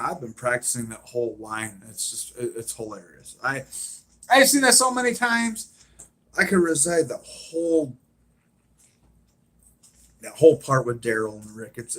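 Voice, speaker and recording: A man's voice: mid-range voice, pushed and bright. A man hosting a live stream, chatting casually and rambling as he retells scenes with lots of fillers.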